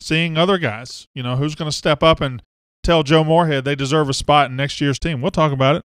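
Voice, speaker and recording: A man's voice: on the high side, steady tone, brisk, a bit bright, clear, resonant tone, dry recording, studio quality. A man, hosting a casual live sports talk show and greeting viewers by name and hometown. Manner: chatty, reads out viewer names and hometowns.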